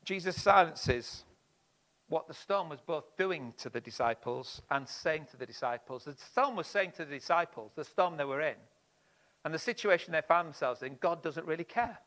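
A man preaching a sermon, expressive, swinging between loud emphasis and hushed lines. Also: a little high, normal speed.

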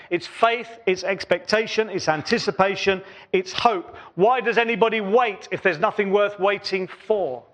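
A man with a high-pitched voice preaches a sermon in church. He speaks earnestly, building phrases through repetition and letting his voice fall quieter between them. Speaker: pastor.

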